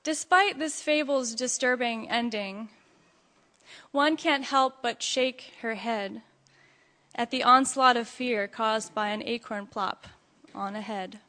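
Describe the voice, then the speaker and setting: A woman's voice: a little high, slow pace, sharp tone, in a large hall. A woman pastor giving a sermon, telling a story expressively before reflecting, in a church. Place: church sanctuary.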